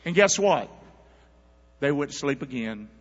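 A man preaching a sermon, calling on the congregation to answer back and swinging between loud and hushed. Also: mid-range voice, expressive, a little slow, breathy edge. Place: church. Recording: dull sound with long church reverb.

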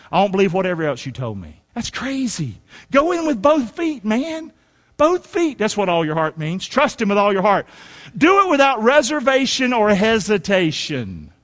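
High, lively folksy preacher man. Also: big-room sound. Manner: folksy, preacherly, rising to shouts. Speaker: pastor. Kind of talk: sermon.

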